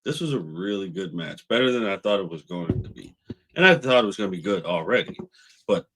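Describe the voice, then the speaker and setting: A man's voice: deep voice, animated, a little fast, fairly bright tone. A man co-hosting a wrestling podcast, easygoing, mostly giving short agreeing replies. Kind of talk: casual show review chat.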